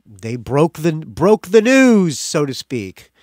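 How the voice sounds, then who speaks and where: A man's voice: on the high side, very animated, takes it slowly, a little mellow, no echo, clean studio sound. A man hosting his own podcast, talking casually and rambling with many self-corrections, opinionated and sarcastic. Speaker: podcast host. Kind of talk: casual solo podcast rant.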